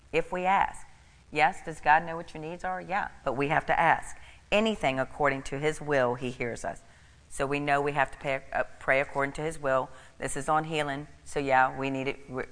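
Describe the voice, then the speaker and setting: A woman's voice: sits low, a bit bright, in a large hall. A middle-aged woman preaching a sermon, emphatic and repeating key phrases for stress.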